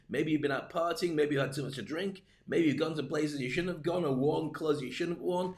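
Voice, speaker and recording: An older man coaching on speaking, playful and jokey, acting out little scenes with many asides. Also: fairly high pitch. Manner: animated, acts out little scenes. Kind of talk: livestream talk.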